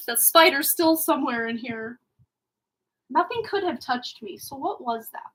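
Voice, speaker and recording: A woman's voice: sits high, lively intonation, unhurried, a bit bright, low-quality recording. A middle-aged woman hosting a tarot livestream in casual, rambling chat, laughing at herself often. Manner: rambling, giggly, self-deprecating.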